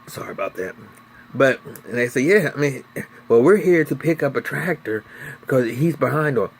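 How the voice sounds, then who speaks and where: Speaking briskly at medium pitch, this TV recap reviewer runs through an episode in a relaxed way. He curses freely and narrates with animation, voicing the characters' quotes as he goes.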